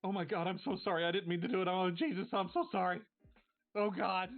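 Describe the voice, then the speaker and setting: A man's voice: medium pitch, moderate pace, natural voice. A man voicing a frightened, apologetic teenage boy who stammers and repeats himself, close to hyperventilating, over tinny stream audio with faint music. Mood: panicked. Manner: stammering, repeating words, pleading. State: near hyperventilating.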